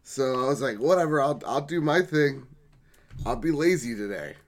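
A man's voice: mid-range voice, animated, normal speed. A young man in his twenties co-hosting a casual podcast over a remote call, laid-back and wry, swearing casually. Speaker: podcast co-host.

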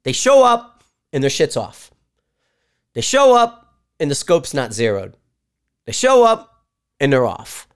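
A man hosting a podcast, talking in a casual, rambling monologue full of swearing and animated storytelling. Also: a little high, slow pace, long pauses, clear, resonant tone. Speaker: podcast host. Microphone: live stream mic.

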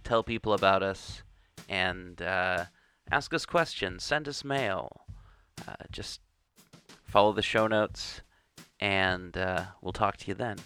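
A man's voice: low voice, takes it slowly, bright, forceful tone, smooth. A man hosting a radio show, giving a casual, rambling intro and correcting himself as he goes.

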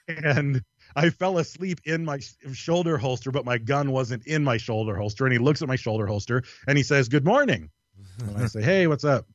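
A man, a podcast guest, telling a long story in casual, animated style, swearing freely and laughing as he goes. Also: mid-range voice, a little fast, no echo, highs cut off. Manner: animated, profane, laughs through his story.

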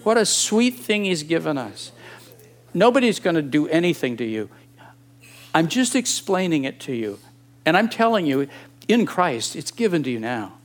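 Animated preacher man in his sixties. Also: on the high side, moderate pace. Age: 60s. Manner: animated and emphatic, with rhetorical questions. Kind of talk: sermon.

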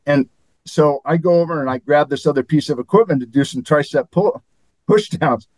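An older man, a former athlete appearing as a guest, rambles and chuckles through anecdotes in an interview. His voice is fairly high and a little mellow at a moderate pace, with no echo but poor audio.

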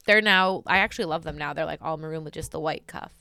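A young woman chats casually with a relaxed, easygoing manner. Her voice sits a little low and carries a gravelly vocal fry. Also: fast, background noise. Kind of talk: casual chat.

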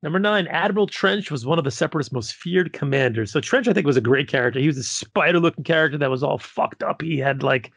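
A man hosts a podcast and reads through a countdown list in a laid-back, rambling way. His voice has a gravelly fry to it, and it sounds dry and close to the mic. He fills the gaps with ums and the odd curse. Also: a little high, quick pace, hardly any pauses, a bit bright, dry recording. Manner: laid-back, filler-heavy, profane. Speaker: podcast host reading a list. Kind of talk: casual podcast list rundown.

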